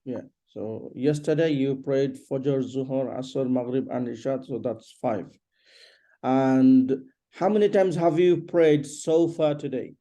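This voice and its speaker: A man teaching an English lesson one on one, patiently repeating questions and explaining slowly. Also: mid-range voice, warm tone.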